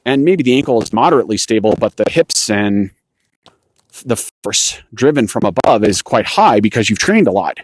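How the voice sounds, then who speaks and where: A man's voice: on the low side, expressive, normal speed, no echo. A man hosting a cycling coaching podcast, explaining technique in a loose, self-correcting way while walking a rocky trail outdoors. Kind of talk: instructional podcast monologue.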